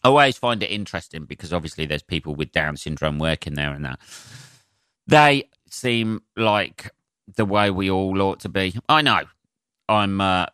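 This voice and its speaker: A comedian rambles through his solo podcast, swearing freely and filling gaps with ums. His voice is bright and sharp, smooth and clear, and it sits close to the mic with a dry sound. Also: low voice, expressive, normal speed, dry recording. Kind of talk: casual solo podcast monologue.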